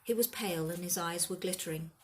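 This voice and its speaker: A woman narrating a storybook in a calm, even manner. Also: lowish voice, a little fast, slight background noise. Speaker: audiobook reader.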